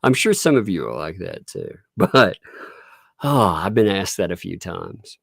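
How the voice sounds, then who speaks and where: A man hosting a casual livestream, chatty and quick to laugh as he retells everyday stories. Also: deep voice, huge pitch swings, vocal fry, slightly rough, no room sound, studio quality. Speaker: livestream host.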